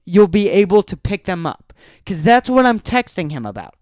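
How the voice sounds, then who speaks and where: A man's voice: high voice, big pitch swings, normal speed, a little mellow, smooth, no echo, studio quality. A young man hosting a solo podcast, telling an angry, profanity-filled story about a friend. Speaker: podcast host.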